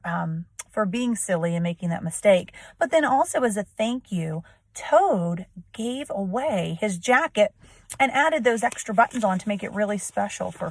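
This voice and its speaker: A woman teacher reading a storybook aloud to children and explaining it, often asking questions and checking with "right?". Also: mid-range voice.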